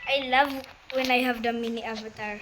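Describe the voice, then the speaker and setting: A woman's voice: on the high side, steady tone, a little fast, fairly bright tone, a little hiss or hum, low-quality recording. A woman giving casual commentary on her own gameplay. She talks straight to her viewers, breaks out in laughter and exclamations, and uses loose, broken grammar. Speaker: gamer narrating her own play.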